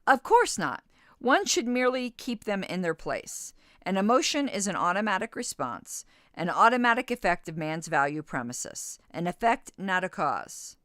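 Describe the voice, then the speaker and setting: A woman's voice: mid-range voice, big pitch swings, moderate pace, fairly bright tone, no echo, studio quality. A woman in her fifties hosting a podcast, reading passages from an interview aloud and arguing back with blunt disagreement. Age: 50s. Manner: reads quotes then argues back with blunt disagreement. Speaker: podcast host.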